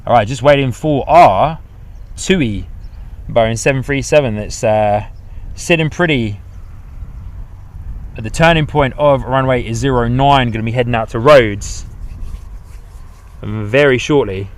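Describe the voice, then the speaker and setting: A man's voice: medium pitch, a little slow, pauses often. Easygoing New man chatting outdoors. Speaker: livestream host. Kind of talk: live plane-spotting commentary. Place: outdoors at an airport.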